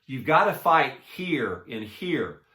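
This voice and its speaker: A man giving a personal inspirational talk. He speaks earnestly and haltingly, restarting often, and swings between soft and emphatic. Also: mid-range voice, sing-song, echoey room. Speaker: motivational speaker.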